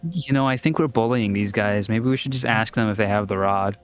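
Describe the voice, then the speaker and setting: A man's voice: on the low side, a little fast, faint music behind. A man playing in a tabletop game, chatting casually and playfully, often joking and laughing as he talks. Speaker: player.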